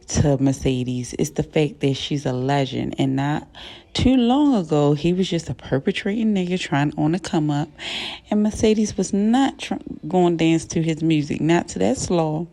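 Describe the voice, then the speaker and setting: A woman casually recapping a TV episode, retelling scenes with quick quoted dialogue and her own side comments. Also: low-pitched, expressive, warm tone, dry recording.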